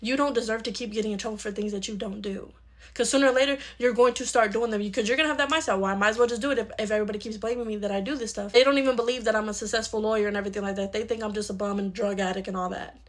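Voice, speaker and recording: A woman's voice: medium pitch, steady tone, racing, pitched below the performer's own voice, close to an everyday voice. A woman playing a blunt adult uncle who is a lawyer, lecturing and reasoning in a home-video skit. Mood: gently reasoning. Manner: lecturing, scolding, then gently reasoning. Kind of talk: comedy skit role-play.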